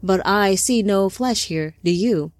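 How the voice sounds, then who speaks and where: A woman voicing a calm male divine lord who speaks softly and in measured, reassuring tones. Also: mid-range voice, dry recording, lightly acted. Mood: gentle.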